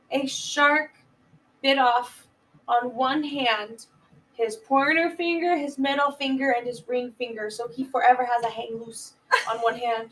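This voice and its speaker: A woman casually retelling a film plot on a podcast, laughing often and jumping into loud voices for the characters. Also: high-pitched, distant mic, poor audio. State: giggly, a bit high. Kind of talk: casual chat.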